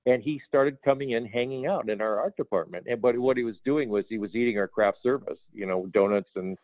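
A man's voice: medium pitch, a little fast, no room sound. Man telling film-set stories over a tinny line. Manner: animated anecdotes with quoted dialogue, laughs often. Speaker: film art director, guest. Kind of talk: casual storytelling interview. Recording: phone-like dry audio.

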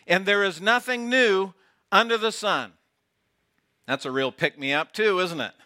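Brief: male pastor, sermon delivery, bright tone, slow deliberate pace, playful asides. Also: sits high. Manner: playful, teasing, drops to a hush for effect. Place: outdoor gathering with camp chairs.

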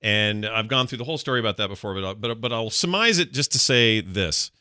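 A middle-aged man with a lowish, clear, resonant voice co-hosts a podcast, talking fairly quickly in a pushed, bright, animated way. He rambles casually, restarts often, and laughs a lot, all captured in a dry, clean studio recording.

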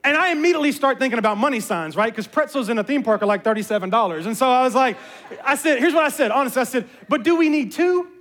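A man, a pastor, giving a sermon as an animated, self-mocking storyteller. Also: very high-pitched, very fast. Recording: long reverb of a large hall.

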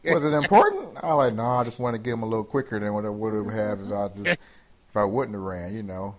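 A man's voice: fairly low pitch, fairly even intonation, fast. A man co-hosting a podcast, telling rambling, playful stories in casual banter. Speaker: podcast co-host.

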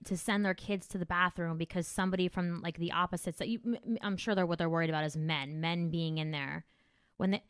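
A woman comedian hosting a casual podcast chat, crude and animated, swearing freely. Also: mid-range voice, no echo, clean studio sound.

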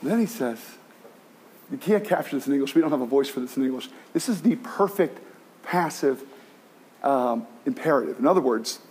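A man preaching a sermon as pastor, animated, with many restarts, acting out the cries of the people he tells about. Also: a little high, breathy edge.

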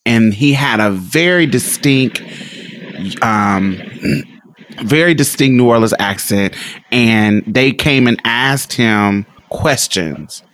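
A man's voice: medium pitch, takes it slowly, a bit bright. A man hosting a podcast, telling a memory in casual conversation, reflective and loose, with fillers and laughs. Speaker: podcast host.

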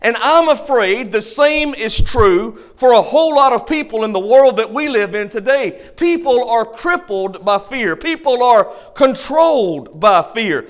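A man's voice: very high-pitched, animated, unhurried, hardly any pauses. A man pastor preaching a sermon with an emphatic, repetitive cadence and rhyming phrases, in a church sanctuary. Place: church sanctuary, also streamed online.

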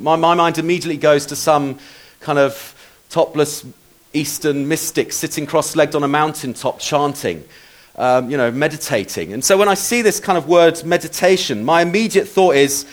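A man preaching a sermon in a conversational, self-deprecating way, with asides to the congregation. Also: on the high side.

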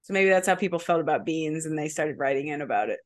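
A woman's voice: low voice, expressive, fast talker. A woman co-hosting a casual comedy podcast, chatting loosely with many fillers. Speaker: podcast co-host.

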